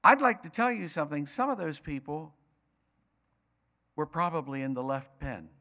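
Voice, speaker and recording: A male pastor delivering a sermon, repeating key phrases for emphasis. His voice is bright and forceful, pitched a little high, and it climbs into passionate peaks. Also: normal speed.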